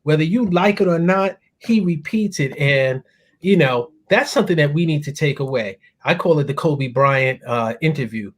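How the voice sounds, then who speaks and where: A man co-hosting a casual political talk show, animated and laughing often as he talks. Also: fairly high pitch, moderate pace.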